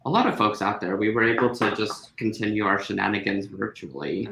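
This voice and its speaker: Low-voiced man in a roomy room. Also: steady tone, brisk, vocal fry, a bit bright. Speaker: guest. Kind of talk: casual video chat.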